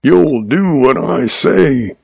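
A man voicing a gruff, bullying older stepfather who roars his words out slowly and rudely. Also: medium pitch, lively intonation, a little mellow, no room sound, voice pushed up, exaggerated voice. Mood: harsh bullying. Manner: roaring, slow and rude.

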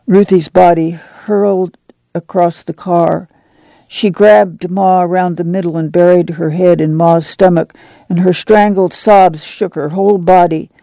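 Man, audiobook narrator, measured pace, gravelly, mellow, dry sound. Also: sits high, dry recording.

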